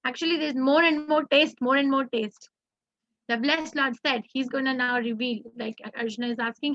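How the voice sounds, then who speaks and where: A woman with an Indian English accent teaching a scripture class online, reading verses slowly and then quizzing her students. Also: sits high, fairly even intonation, a bit bright, dry recording, highs cut off.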